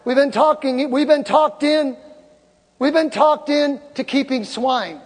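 In a high, unhurried voice, a woman in her sixties delivers a sermon in a church sanctuary, exhorting her congregation emphatically and bursting into loud laughter and shouts. The recording carries a long hall reverb and the murmur of the congregation.

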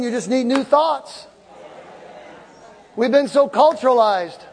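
Older lady preacher, fired up and exhorting, booming church reverb, crowd murmuring faintly. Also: expressive, slow pace. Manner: emphatic, exhorting, breaks into loud laughter and shouts. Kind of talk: sermon. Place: church sanctuary with congregation. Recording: long hall reverb with congregation murmur.

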